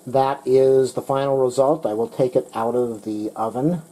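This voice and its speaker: Casting note: an everyday man with a mellow, relaxed voice and a mid-range pitch, talking through a product test in his kitchen. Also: normal speed, rough recording. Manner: plain, methodical, talks while demonstrating and eating. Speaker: product reviewer. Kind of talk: casual product review narration. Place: home kitchen, indoors.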